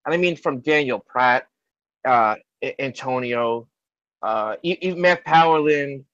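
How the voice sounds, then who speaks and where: A man's voice: mid-range voice, unhurried, fairly bright tone, smooth, no echo. A man rambling in a loose, casual chat on a video call, swearing freely. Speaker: hangout participant. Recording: dull lo-fi sound in a dry space.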